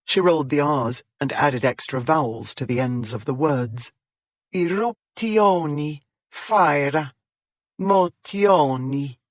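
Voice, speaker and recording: A man voicing a playful young woman who reads aloud in exaggerated, drawn-out foreign accents. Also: medium pitch, no echo, clean studio sound, lightly acted. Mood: mock-theatrical.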